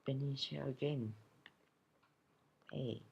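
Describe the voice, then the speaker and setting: A man's voice: mid-range voice, steady tone, takes it slowly, creaky, darkish tone, breathy edge, highs cut off. A teenage boy commenting casually on his game, grumbling and swearing, sometimes dropping to a whisper, recorded at home. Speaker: gamer opening card packs.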